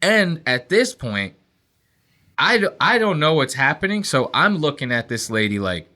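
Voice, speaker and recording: A man's voice: on the high side, big pitch swings, normal speed, sharp tone. A man hosting a podcast, telling a profane, ranting story and acting out what people said. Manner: profane, ranting, acts out quotes in voices. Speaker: podcast host. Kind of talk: casual podcast rant.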